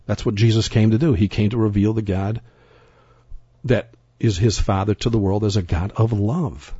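A man's voice: fairly low pitch, steady tone, moderate pace, warm tone, slightly rough, no echo, dull audio. A man giving sermon-style Bible teaching, emphatic and rambling, often repeating himself and restarting sentences.

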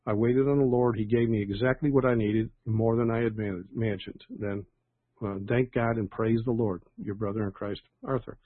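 A man's voice: fairly low pitch, steady tone, moderate pace, no room sound. An older man, a pastor leading an online prayer call, chatting and reading praise reports in a rambling way with many fillers. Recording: tinny phone-line audio, dry.

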